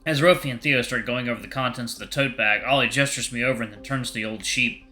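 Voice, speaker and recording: A man's voice: mid-range voice, quick pace, bright, forceful tone, faint music behind. A man narrating a visual novel aloud in the first person, with wry asides. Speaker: game streamer reading a visual novel.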